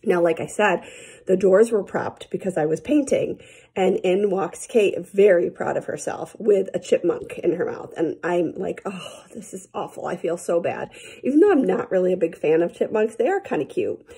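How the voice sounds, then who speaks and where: A woman's voice: fairly low pitch, lively intonation, normal speed, warm tone, slightly rough. A woman teacher telling her students a rambling story in a casual, chatty morning message, with lots of fillers.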